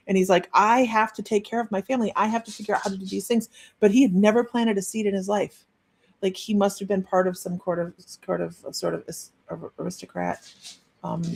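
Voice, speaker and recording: Middle-aged lady rambling thru a live psychic reading, kinda low voice, lots of um and restarts. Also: gravelly, a little mellow. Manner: rambling, chatty, frequent ums and restarts. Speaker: psychic medium.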